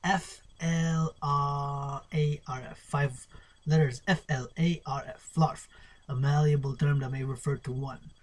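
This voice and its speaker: Husky man murmuring a poetry glossary. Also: on the high side, steady tone, unhurried. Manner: playful, spells words letter by letter, drifts to murmurs. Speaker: poet reading a poetry glossary. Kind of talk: solo spoken-word poetry lesson.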